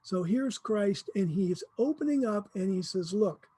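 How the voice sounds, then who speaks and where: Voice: mid-range voice, lively intonation, a little slow, dark tone, slightly rough, dry recording. A Bible teacher talking through scripture in an informal, conversational way, slipping into quoted voices with humor.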